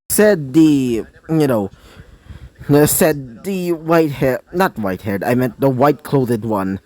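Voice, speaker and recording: A man's voice: mid-range voice, expressive, extremely slow, pauses often, mellow, dry recording. A man improvising a fan-fiction story, rambling with many fillers and self-corrections.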